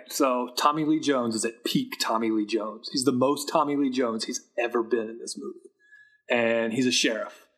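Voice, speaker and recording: Husky man giving a jokey recap. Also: mid-range voice. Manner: jokey, rambling, deadpan. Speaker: new guest. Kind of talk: casual podcast film recap.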